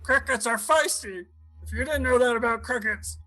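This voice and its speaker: Brief: man voicing a squeaky, sharp-toned greedy frog prince. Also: moderate pace. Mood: fussy. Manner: hesitant, fussy, self-important.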